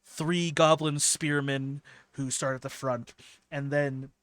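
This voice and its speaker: A man's voice: on the high side, little pitch movement, slow, fairly bright tone, no echo. A man running a tabletop role-playing game, describing the scene in detail with many fillers and restarts. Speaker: game master.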